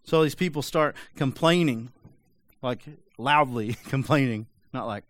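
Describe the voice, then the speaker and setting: A man preaching a sermon in a conversational, animated way with frequent rhetorical asides. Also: mid-range voice, measured pace, dry recording. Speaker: pastor.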